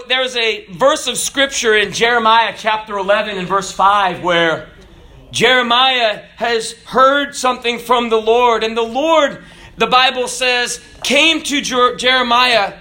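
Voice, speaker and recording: High, bright-voiced male preacher. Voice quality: dramatic drops in pitch and volume at line ends. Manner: storytelling with a joke, then reading scripture. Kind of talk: sermon with a joke.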